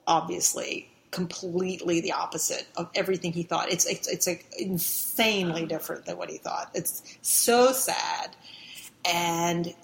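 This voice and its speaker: A woman's voice: lowish voice, fairly even intonation, a little slow, vocal fry, slight background noise. A middle-aged woman, a guest in an interview, telling a long story casually, rambling with restarts and fillers, sometimes laughing as she talks.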